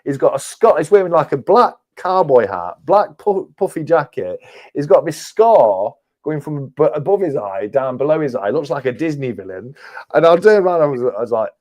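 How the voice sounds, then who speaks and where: A man's voice: fairly high pitch, sing-song, normal speed, darkish tone. A man with an English accent, a guest on a livestream, telling a casual anecdote and laughing as he goes. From England. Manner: chatty, laughs through his anecdotes. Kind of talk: casual storytelling.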